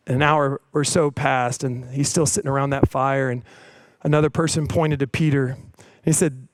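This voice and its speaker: A man's voice: on the high side, flat delivery, moderate pace, no echo, low-quality recording. A man preaching a sermon in a casual, conversational way, often asking "right?" and acting out the voices in the stories he tells. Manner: conversational, tag questions, retells stories with quoted voices. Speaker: preacher and coach.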